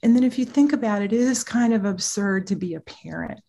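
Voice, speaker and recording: Her mid-range voice is gravelly and fairly quick as this middle-aged therapist, interviewed on a podcast, recounts parenting stories. She tells them with animation and frequent laughter.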